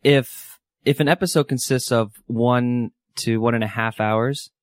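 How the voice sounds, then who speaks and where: A man co-hosting a casual podcast, tossing in quick jokes and asides. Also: medium pitch, steady tone, no room sound, studio quality. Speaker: podcast co-host.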